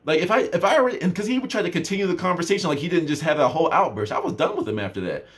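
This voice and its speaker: A man's voice: fairly high pitch, racing. A young man casually telling a story to camera as a self-improvement vlogger, with lots of fillers. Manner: animated storytelling, many fillers. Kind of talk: casual talking-to-camera chat.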